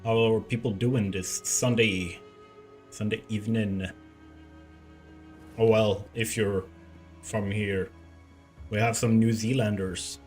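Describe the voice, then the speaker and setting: A man with a fairly low voice chats loosely with his stream audience, rambling as he fiddles with his desk mic at home. Soft music plays faintly underneath. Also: steady tone, takes it slowly, pauses often. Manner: chatty, rambling while testing his mic. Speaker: game streamer. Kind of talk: casual live-stream chat. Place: room at home. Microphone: desk mic, moved around while talking.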